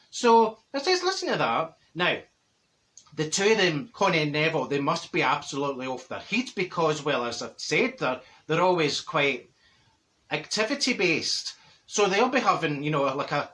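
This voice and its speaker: A brash, gossipy middle-aged Glasgow woman, played by a man with a Glaswegian Scottish accent, swooping through a lively, animated pitch. Her voice is bright and sharp as she spins theatrical comic tales to camera, breaking into laughs. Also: exaggerated voice. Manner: gossipy, exaggerated, bursts of laughter, theatrical outbursts. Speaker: comedy character monologue. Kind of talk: comic character monologue to camera.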